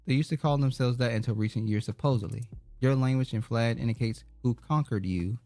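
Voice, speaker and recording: A man's voice: mid-range voice, a little fast, dark tone, dry recording, faint music behind. A man co-hosting a podcast, reading viewer comments aloud and tossing in wry quips. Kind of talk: casual chat.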